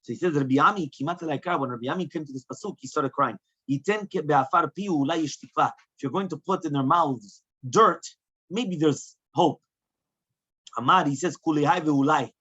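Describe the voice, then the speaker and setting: A rabbi gives a Talmud class in a somewhat high, husky voice. He keeps the lesson going with rhetorical questions and moves between Hebrew and English. The recording sounds dull and muffled. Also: fairly quick, sharp tone. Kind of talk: Talmud lecture.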